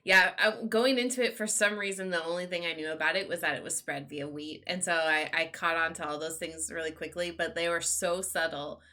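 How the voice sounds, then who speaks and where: Bright-toned woman panelist, laughing often. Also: lowish voice. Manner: lively, laughs often, quick back-and-forth. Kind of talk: casual panel discussion.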